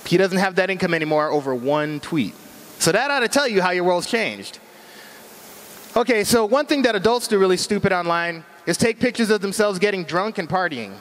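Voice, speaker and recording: A man's voice: sits high, lively intonation, a little fast, fairly bright tone, big-room sound. A middle-aged man giving a casual, joking talk on internet safety, full of slang. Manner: chatty, joking, uses slang. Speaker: speaker at a cyber safety talk.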